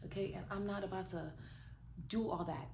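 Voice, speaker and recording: A young woman vlogger telling a dating story in a casual, sassy, animated way, full of rhetorical questions. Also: mid-range voice, moderate pace, creaky. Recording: roomy echo with faint noise.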